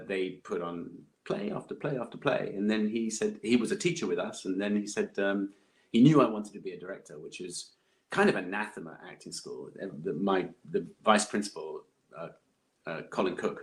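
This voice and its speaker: A man, chatting as a podcast guest, rambling with many fillers and restarts. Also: fairly low pitch. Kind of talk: casual interview chat.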